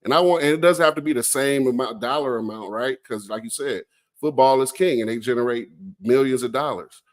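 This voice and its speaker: A man's voice: mid-range voice, fairly quick. A man co-hosting a casual sports talk show, speaking in an emphatic, questioning way.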